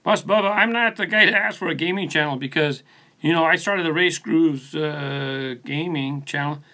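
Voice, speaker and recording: A channel host chats casually on a live stream from his studio, reading comments and answering viewers by name in a relaxed, rambling way, recorded on a phone mounted on a post. His voice sits on the high side, pushed and bright, at a moderate pace.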